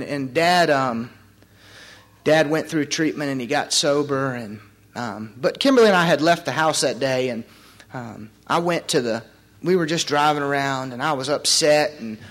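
A young man telling his personal recovery story at a meeting, in an earnest, halting way with frequent pauses. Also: on the high side, a bit bright. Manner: halting, many fillers and restarts, earnest.

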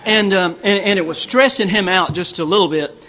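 A man's voice: high voice, brisk, sharp tone. A middle-aged man from Tennessee, telling rambling, folksy jokes as a speaker at a recovery meeting, repeating his words as he goes. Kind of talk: storytelling talk with jokes.

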